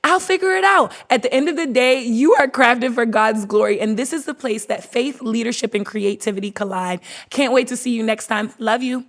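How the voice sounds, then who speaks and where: A woman's voice: on the high side, moderate pace, few pauses. A woman hosting a faith podcast, gushing with affectionate praise for her guest and leading a spoken prayer. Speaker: podcast host. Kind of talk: casual podcast chat.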